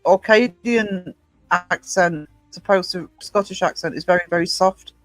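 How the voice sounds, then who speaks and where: A woman from Northumberland with a soft Northumbrian English accent, chatting casually as a podcast co-host, blunt and quick to swear. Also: on the low side, dry recording, soft background music, poor audio. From Northumberland, England. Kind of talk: casual chat.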